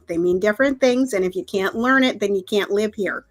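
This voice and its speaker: A woman's voice: medium pitch, brisk, faint music behind. A woman from Minnesota with a Minnesotan accent, co-hosting a casual live-stream chat with playful, folksy asides. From Minnesota, USA. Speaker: co-host, musician.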